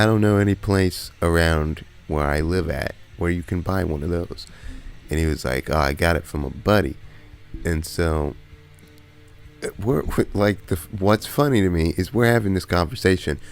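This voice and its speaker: A man tells a story to camera in a loose, slangy, laid-back way, often breaking into laughter. His voice sits very low with a gravelly fry. Faint music plays behind him. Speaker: vlogger. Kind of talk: casual storytelling.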